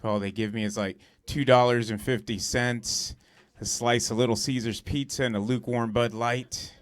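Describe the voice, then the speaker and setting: A man's voice: medium pitch, fairly even intonation, normal speed. A young man doing a stand-up set, telling stories in a loose, profane, conversational way full of "like" and "dude". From Southern California. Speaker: stand-up comedian. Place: comedy club stage.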